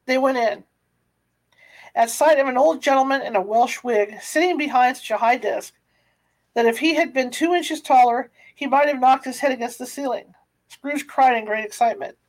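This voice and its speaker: A woman's voice: high-pitched, normal speed, rough recording. A woman narrating a classic novel aloud, sometimes stumbling and restarting words. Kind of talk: audiobook reading of a classic novel.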